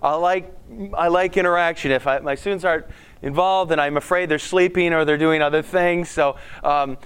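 A man, a school principal, giving a lively devotional talk to a live audience, often restarting his sentences and acting out his own prayers. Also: fairly high pitch, normal speed, clean tone. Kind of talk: sermon-style devotional talk.

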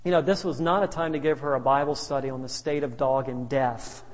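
A pastor of medium pitch keeps a steady tone and a fairly quick pace as he tells humorous stories in his sermon. Chuckling asides punctuate the anecdotes, and the hall is reverberant.

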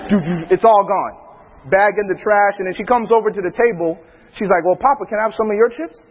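A man who is a preacher, telling funny family stories in a laughing, animated way. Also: sits high, fast talker, husky, long reverb tail, muffled recording. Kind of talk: storytelling in casual talk.

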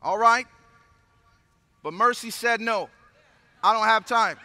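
Male preacher, slow deliberate delivery, long reverb of a large hall. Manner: solemn low prayer, then animated storytelling preaching. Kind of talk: sermon.

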